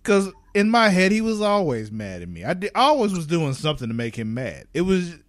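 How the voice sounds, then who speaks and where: A young man co-hosting a podcast, talking in loose casual chat with a fairly high, very lively voice that swings up and down. He laughs often and swears freely, and the sound is dry and close. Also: a little fast, no room sound. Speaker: podcast co-host.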